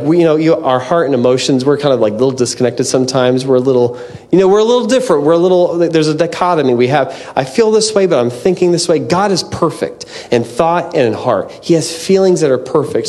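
A man's voice: a little high, a little mellow. A man preaching a conversational sermon in an earnest way, often restarting his sentences and dropping in "man" and "like.".

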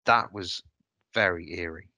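A man's voice: low-pitched, measured pace, pushed and bright, dry recording. A man telling a personal story on a podcast, hesitant and reflective, often restarting his sentences. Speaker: podcast host.

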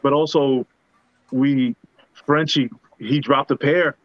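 A man's voice: medium pitch, steady tone, slow, no room sound. A man on a podcast reacting with hyped comments and laughter. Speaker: podcast co-host. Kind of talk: casual chat. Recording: dry lo-fi sound.

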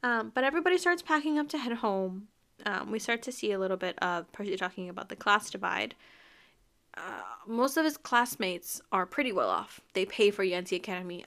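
A woman's voice: medium pitch, fairly bright tone. A young woman hosting a podcast, talking casually and emphatically about a book, laughing often as she reacts. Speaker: podcast host.

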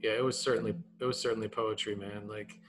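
A man in his thirties co-hosting a casual podcast, animated and repeating his words, tagging "man" onto his sentences. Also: lowish voice, fast talker, slight background noise. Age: 30s. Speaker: podcast co-host.

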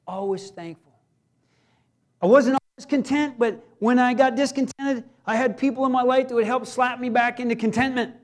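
High-voiced man preaching, loud then hushed. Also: fairly even intonation, normal speed. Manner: swings between emphatic raised delivery and hushed, quiet passages; folksy, joking asides to the congregation. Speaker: pastor. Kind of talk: sermon.

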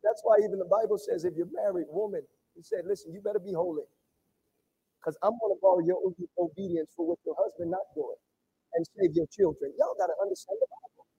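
Male pastor, high lively voice, preaching with call-and-response, repeats lines. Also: brisk, vocal fry, husky, dull audio. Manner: call-and-response preaching, repeats phrases, swings from loud to hushed. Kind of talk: sermon. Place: church sanctuary.

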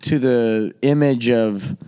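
A man hosting a podcast, with a voice of ordinary middle pitch, tells a long story to friends. He talks casually, curses freely and laughs as he goes. He pushes his voice up loud and high whenever he quotes someone. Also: slow, smooth. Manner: profane, laughing often while he tells the story; jumps into loud, high voices when quoting people. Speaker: podcast host.

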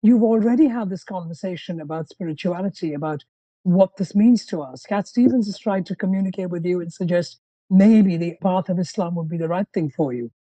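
A podcast host with a very mellow, dark-toned voice, asking probing questions and recapping the guest's story. The sound is dry and close. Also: medium pitch, fairly quick, dry recording, low-quality recording. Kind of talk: interview conversation.

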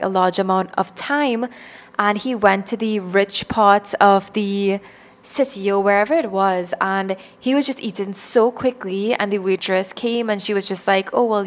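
A young adult woman hosting a self-help podcast, talking casually and earnestly and laughing at herself now and then. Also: medium pitch. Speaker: podcast host.

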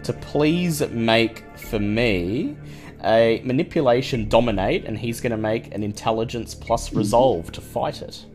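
A man's voice: medium pitch, measured pace, darkish tone, soft background music. A man running a tabletop game, explaining rules and narrating the action vividly. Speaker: game master.

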